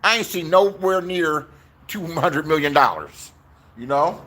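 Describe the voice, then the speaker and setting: A man's voice: fairly high pitch, animated, unhurried, pushed and bright. A man in his sixties from Inglewood, telling rambling, profane stories in a casual vlog and acting out the voices he quotes, recorded outdoors. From Inglewood, Los Angeles, USA. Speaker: YouTuber.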